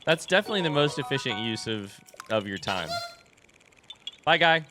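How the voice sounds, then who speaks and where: A man hosting a let's play, giving excitable and self-mocking commentary as he plays. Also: medium pitch, fast talker, noisy background. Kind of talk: gameplay commentary.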